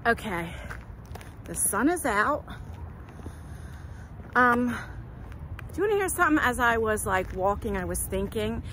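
A woman's voice: on the high side, animated, a little slow, long pauses. A woman chatting casually in a vlog, first in a car and then on a walk by a lake, recorded on a phone, rambling and laughing at herself. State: out of breath while walking. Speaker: vlogger. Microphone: phone camera, then selfie stick. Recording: noisy car and outdoor recording.

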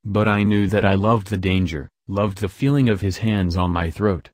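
Low-voiced man reading a story. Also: moderate pace, no echo, clean studio sound. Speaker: audiobook narrator. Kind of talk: scripted narration.

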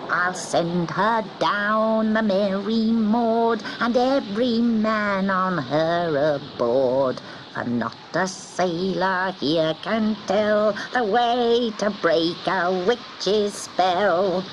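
A woman playing a spiteful sea witch, slow and chanting. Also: fairly low pitch, animated, background noise. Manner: slow, chanting, sharp-tongued.

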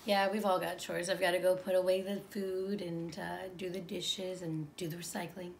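A woman chatting casually at her own home with a friend who is filming, relaxed and agreeable. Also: on the low side, normal speed, gravelly, slight background noise. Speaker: friend and guest on the vlog. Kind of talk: casual chat.

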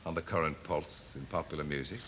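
A man's voice: rumbling low, fairly even intonation, a little fast, fairly bright tone, a little hiss or hum. A man hosting a TV chat show, interviewing a guest with leading questions.

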